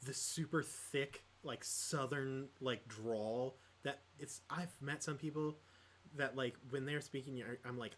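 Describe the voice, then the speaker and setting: A man's voice: medium pitch, steady tone, unhurried, fairly bright tone, a little hiss or hum. Rambling man chatting on a podcast. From Midwest United States. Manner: rambling, many fillers and restarts. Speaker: podcast co-host. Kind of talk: casual chat about tabletop gaming.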